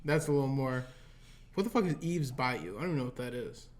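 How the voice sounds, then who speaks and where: A man's voice: medium pitch, animated, quick pace. A man, a comedian, ranting animatedly in a casual chat, swearing heavily. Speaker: comedian, podcast guest.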